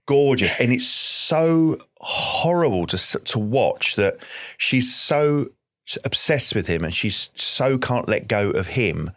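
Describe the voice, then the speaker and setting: A man's voice: mid-range voice, animated, slow pace, a bit bright, no room sound. A man, a guest on a podcast, chatting casually and with enthusiasm, often restarting and repeating words. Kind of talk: casual chat.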